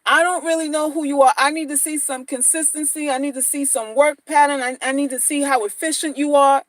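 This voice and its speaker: A woman with a high voice lectures her viewers in blunt, slangy advice, often repeating herself for emphasis. The recording is close and dry, with no room sound. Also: steady tone, a little fast, no echo, poor audio. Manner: blunt, slangy, repetitive, mocking. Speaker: dating advice vlogger. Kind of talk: casual monologue to viewers.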